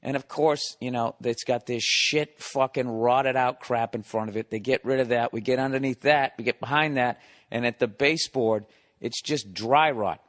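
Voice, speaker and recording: This middle-aged podcast host from the United States has a medium-pitched, steady, somewhat bright voice and a moderate pace. On his own show, he launches into a solo comedic rant, a profane and exasperated monologue sprinkled with sarcastic asides.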